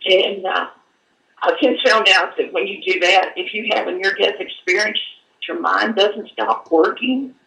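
A woman giving an earnest personal testimony, halting and at times choked up, in an echoey room away from the mic. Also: mid-range voice, creaky, sharp tone, recorded from a distance. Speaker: guest telling her story.

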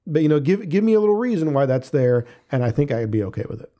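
Warm-voiced man rambling through a review. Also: fairly high pitch, big pitch swings, fast. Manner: rambling, restarts often, hedging. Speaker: podcast co-host. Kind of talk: casual movie review chat.

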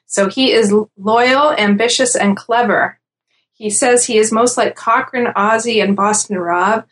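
A woman's voice: on the high side, unhurried, fairly bright tone. A woman in casual podcast chat, talking through predictions with lots of fillers and easy laughs. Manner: chatty, laughs easily, many fillers. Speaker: podcast guest analyst.

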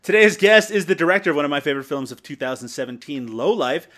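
A man's voice: fairly high pitch, animated, fast, a bit bright. A man from Canada hosting a comedic podcast, teasing his guests in a mock-serious, joking way. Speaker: podcast host.

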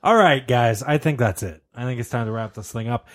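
A man's voice: medium pitch, a little fast. A man hosting a casual comedy podcast, reading listener questions, joking and swearing freely. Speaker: podcast host.

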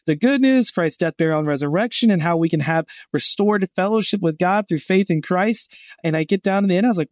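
Appearing on a podcast interview on behalf of a Christian gap year college, this middle-aged man speaks a little fast, his pitch slightly high for a man. He's an animated storyteller who acts out the quoted voices of his characters. The audio is dry and close-miked, with hardly any room sound.

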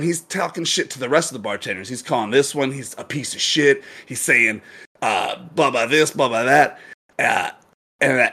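Animated, cursing male streamer. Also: medium pitch. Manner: animated, profane, laughing storyteller. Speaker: gaming streamer. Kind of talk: casual storytelling chat.

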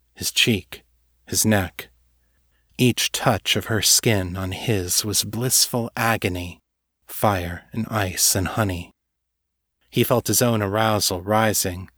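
Casting: low-pitched male author-narrator, measured delivery, dry close-mic sound. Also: a bit bright, no echo. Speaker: author and podcast host. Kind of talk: scripted fiction narration.

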